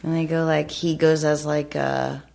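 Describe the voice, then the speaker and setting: A woman's voice: deep voice, level tone, unhurried, vocal fry, darkish tone. A woman on a podcast hesitantly prompting another guest to tell a story. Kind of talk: casual podcast chat.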